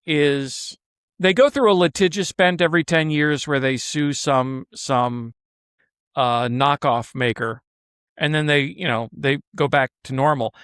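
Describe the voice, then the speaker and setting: A man's voice: on the high side, measured pace, fairly bright tone, clear, resonant tone, no room sound. Blunt, opinionated man, dry close sound. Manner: blunt, opinionated, swears freely. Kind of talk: casual chat.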